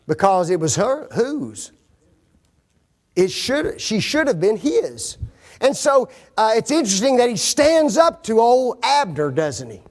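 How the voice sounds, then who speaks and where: Male Bible class teacher, high and very animated voice, quizzes the room with leading questions, folksy humor. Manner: quizzes audience with fill-in questions; folksy, joking asides. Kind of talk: Bible study lesson.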